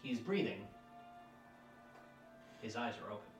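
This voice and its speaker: A man's voice: fairly low pitch, a little slow, faint music behind. Game master man narrating, roomy and distant. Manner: relaxed narration full of ums and uhs.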